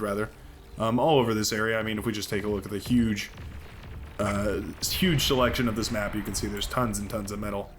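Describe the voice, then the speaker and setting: A man's voice: on the low side, a bit bright, a little hiss or hum. An American man casting a real-time strategy match, chatty and upbeat, with many fillers and restarts. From United States. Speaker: game commentator. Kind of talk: live strategy game commentary.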